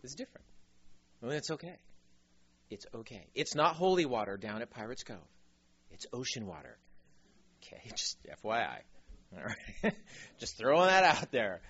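A man's voice: medium pitch, moderate pace, long pauses, breathy edge, dull audio. A man preaching a sermon as pastor, telling stories with acted-out voices and joking asides. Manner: animated storytelling, acts out voices, joking asides.

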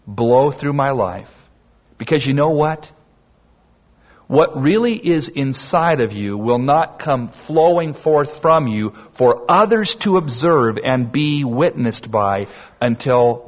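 A man preaching a sermon slowly and emphatically, with dramatic pauses. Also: medium pitch, expressive. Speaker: pastor. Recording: dull lo-fi sermon recording.

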